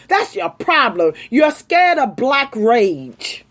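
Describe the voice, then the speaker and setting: A woman delivering an impassioned, angry rant straight to her audience, speaking forcefully. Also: high voice, animated, normal speed, hardly any pauses. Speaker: vlogger. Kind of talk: impassioned direct-to-camera rant.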